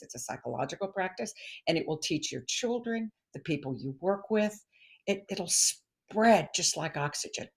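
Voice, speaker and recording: A middle-aged woman, a guest expert on stress, chatting in an interview and telling stories with animated quoted voices. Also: on the low side, breathy edge. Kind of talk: casual interview chat.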